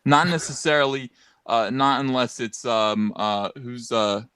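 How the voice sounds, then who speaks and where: A man co-hosting a podcast, ranting in a loud, mocking, animated way with sarcastic asides, into a studio mic. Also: medium pitch, a little slow, clear, resonant tone, dry recording. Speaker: podcast co-host. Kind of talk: casual ranting commentary.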